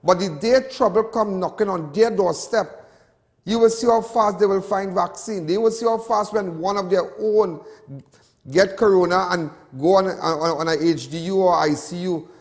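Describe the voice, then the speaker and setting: A man's voice: high voice, moderate pace, long reverb tail. A Trinidadian man hosting a show, ranting with passion and repeating himself. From Trinidad and Tobago. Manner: impassioned, repetitive ranting. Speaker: host. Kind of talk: ranting commentary.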